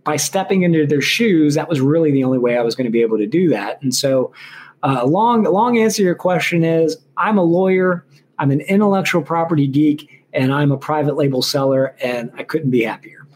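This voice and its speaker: A male lawyer in his thirties, speaking as an interview guest. His voice sits slightly high and has a husky edge. He tells his story loosely and with energy, full of fillers and restarts. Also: a little fast. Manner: chatty, animated, frequent fillers and restarts. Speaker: intellectual property lawyer and guest.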